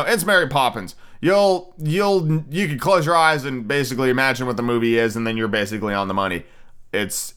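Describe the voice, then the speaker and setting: A man's voice: medium pitch, fairly bright tone, clear, resonant tone. A young man hosting a podcast, rambling through a casual movie review, swearing and cutting himself off mid-sentence. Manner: rambling, profane, self-interrupting. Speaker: podcast host.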